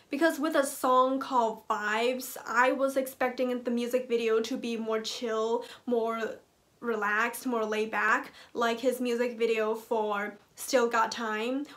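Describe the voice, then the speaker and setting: A woman's voice: fairly high pitch, a bit bright. A woman hosting a casual reaction vlog who talks in a playful, joking, teasing way. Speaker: reaction video host.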